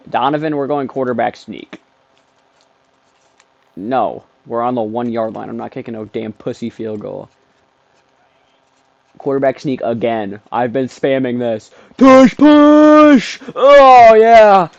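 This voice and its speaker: Excitable gamer guy on a dull mic. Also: mid-range voice, creaky. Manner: excitable, talks trash at the game, bursts into shouts. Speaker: gaming streamer. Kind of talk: let's play commentary.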